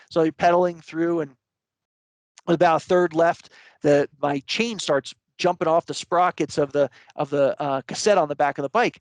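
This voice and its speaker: Higher-voiced man telling a story, dry sound. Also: moderate pace, dry recording. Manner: rambling, many fillers and restarts. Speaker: interview guest. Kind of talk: casual storytelling.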